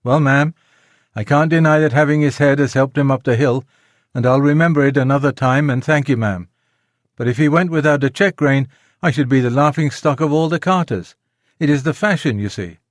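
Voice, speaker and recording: A man's voice: mid-range voice, fairly quick, dry recording, studio quality, lightly acted. A man voicing a working-class carter in an audiobook, plain-spoken and grudgingly deferential. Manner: plain, deferential yet stubborn. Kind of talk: audiobook character reading.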